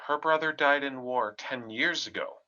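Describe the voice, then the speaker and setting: Woman player, extremely low, dull lo-fi audio, inquisitive. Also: moderate pace, sharp tone. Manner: questioning, inquisitive. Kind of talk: casual tabletop role-play.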